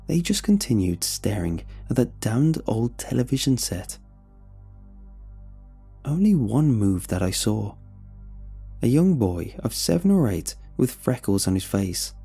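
A man narrating a scripted horror story in a tense, measured way. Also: medium pitch, gravelly, mellow, husky.

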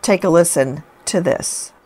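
A woman hosts a true crime program, her voice sitting a little low for a woman. She talks emphatically and presses her points with indignant rhetorical questions. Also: measured pace, a loud crowd. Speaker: host. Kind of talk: true crime broadcast commentary.

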